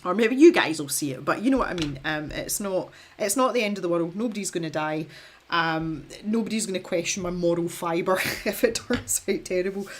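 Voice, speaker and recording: A woman's voice: lowish voice, fairly quick. A young woman chatting in a rambling, self-deprecating way while she paints on a live stream, laughing often. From Scotland. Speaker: art streamer.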